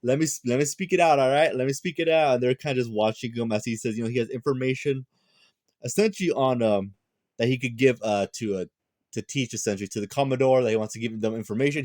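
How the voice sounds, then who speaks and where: A man's voice: medium pitch, dry recording. Rambling young man with a dry voice. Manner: rambling and excitable, many fillers and restarts. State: tired. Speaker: manga chapter reviewer. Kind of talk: casual chat.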